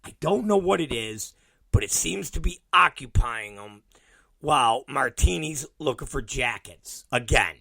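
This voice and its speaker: Expressive and measured, a middle-aged man's medium-pitched voice carries vocal fry and a sharp tone in a dry recording. Hosting his podcast, he delivers a lengthy, profane family tale and performs each quoted line.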